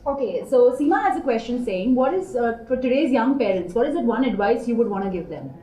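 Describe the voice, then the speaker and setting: A woman's voice: fairly high pitch, lively intonation. Woman host reading viewer questions, echoey. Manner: bright-natured, laughs easily, brisk question reading. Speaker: show host. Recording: echoey studio with faint ambience.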